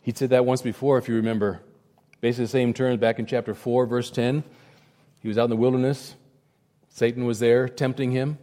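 A man's voice: mid-range voice, little pitch movement, fairly quick, warm tone, in a large hall. A man preaching a sermon in a conversational way, acting out quotes and often restarting his words. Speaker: pastor.

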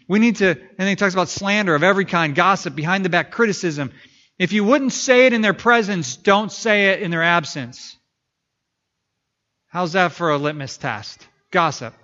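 Bright-voiced earnest male pastor preaching. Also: on the high side, highs cut off. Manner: earnest, builds to fervent prayerful pleas. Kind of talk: sermon.

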